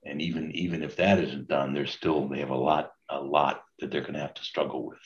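A man's voice: extremely low pitch, level tone, a little fast. An older man, a priest, leading a Bible study in a conversational way and asking his group questions. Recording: dull lo-fi recording.

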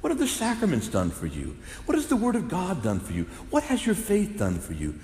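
Soft music plays in the background as a Catholic priest preaches fairly quickly in a high voice whose pitch swoops wildly. His sermon is fervent, climbing to loud exclamations, and the large church's echo gives the recording a roomy hall reverb.

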